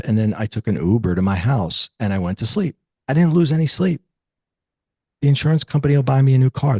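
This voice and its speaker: His voice sits on the low side and is slightly rough, captured without echo. As an interview guest, this fifty-something metaphysical teacher tells a personal story reflectively, livening up when quoting people.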